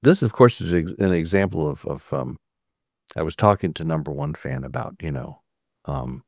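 A man's voice: very deep voice, expressive, moderate pace, vocal fry, a little mellow, no room sound, studio quality. A man hosting a casual podcast, rambling and laughing between topics. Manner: rambling, laughing, self-mocking. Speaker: podcast host. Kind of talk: casual chat.

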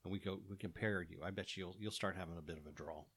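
Man, low voice, playful teasing co-host in casual chat. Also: fast, a bit bright, slightly rough.

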